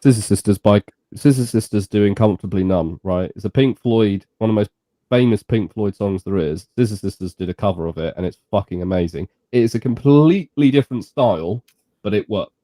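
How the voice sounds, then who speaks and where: A man's voice: on the low side, brisk, mellow, no room sound. A man co-hosting a podcast, chatting casually and giving blunt, opinionated takes, swearing now and then. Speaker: podcast co-host. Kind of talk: casual chat reacting to music.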